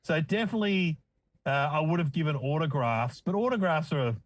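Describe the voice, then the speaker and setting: A man's voice: on the high side, lively intonation, fairly quick, no echo, rough recording. A middle-aged man with an Australian accent, a comedian guest telling wry, self-deprecating stories in casual chat.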